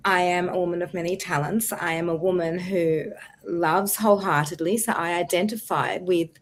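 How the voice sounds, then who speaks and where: Earnest Australian woman guest. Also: lowish voice. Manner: earnest, reflective, with "uh" pauses. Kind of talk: interview answers.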